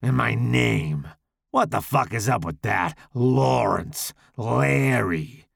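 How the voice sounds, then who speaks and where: A hulking, deformed slasher villain, voiced by a man, sneers through a rough, gravelly growl that swings between low menace and crude mockery. His speech rises and falls widely, and the audio is close and dry. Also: animated, slow, no room sound, full character voice. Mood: menacing, crude. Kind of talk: audiobook character voice.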